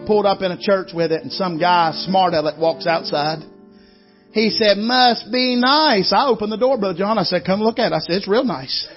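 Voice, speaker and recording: A man's voice: high-pitched, fast, few pauses, muffled recording, faint music behind. A man, preaching a sermon in a folksy storytelling way and calling out to the congregation. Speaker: guest preacher. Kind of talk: Southern revival sermon.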